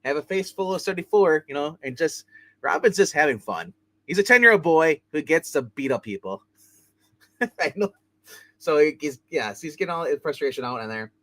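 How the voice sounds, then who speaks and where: A man hosting a casual comic book review, rambling through the plot with plenty of fillers and quick put-on character voices. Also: a little high, big pitch swings, a bit bright, dry recording.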